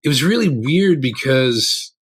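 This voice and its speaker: A man's voice: mid-range voice, expressive, measured pace, husky. A man co-hosting a podcast, mostly agreeing briefly and adding dry quips about a film. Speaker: podcast co-host. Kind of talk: casual film review chat.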